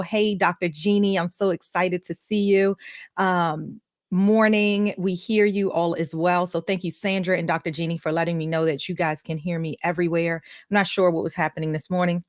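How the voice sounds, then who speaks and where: A woman's voice: lowish voice, steady tone, fairly quick, dry recording, clean studio sound. A woman hosting a live coaching stream, enthusiastic and upbeat, with a folksy way of talking. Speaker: host and life coach. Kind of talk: energetic live-stream talk.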